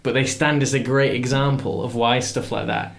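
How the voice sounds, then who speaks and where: A man's voice: medium pitch, fairly even intonation, normal speed, gravelly. A man, hosting a podcast in casual chat, talking in long, thoughtful, rambling turns. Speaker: podcast host. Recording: roomy echo.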